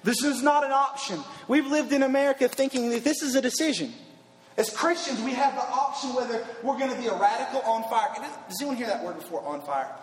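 A man preaching an emphatic youth sermon that repeats its points and builds to shouts. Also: very high voice, brisk, reverberant, in a large hall, a little hiss or hum. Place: large hall with an audience.

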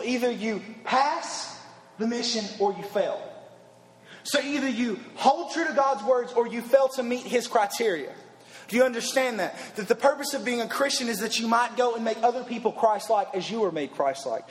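A man preaching an emphatic youth sermon that repeats its points and builds to shouts. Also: high-pitched, animated, brisk, reverberant, big-room sound. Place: large hall with an audience.

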